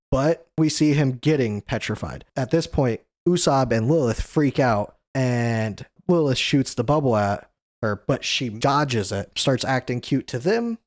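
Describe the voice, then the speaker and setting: A man hosting a show about a comic series, retelling a chapter in a loose, conversational way with many "you know" fillers and quick stabs at the characters' lines. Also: mid-range voice, no room sound, clean studio sound. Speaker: manga discussion show host. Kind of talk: casual chapter recap.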